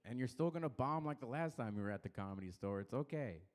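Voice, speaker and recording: A man doing a stand-up comedy set on a dark club stage, with loose, rambling, crude delivery and frequent laughs at his own jokes. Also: medium pitch, animated, fast.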